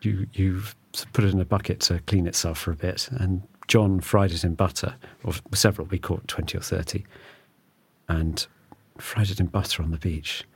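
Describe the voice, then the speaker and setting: A man's voice: low-pitched, steady tone, normal speed, breathy edge. A man hosting a podcast in a studio, chatty and self-mocking, laughing often. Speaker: podcast host. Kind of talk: casual studio chat.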